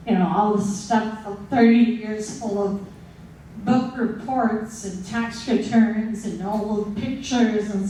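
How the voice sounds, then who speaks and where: A woman in her sixties telling a comic personal story at a live story slam, slow and full of dramatic pauses. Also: mid-range voice, a little mellow, a little hiss or hum. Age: 60s. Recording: very echoey hall, distant mic.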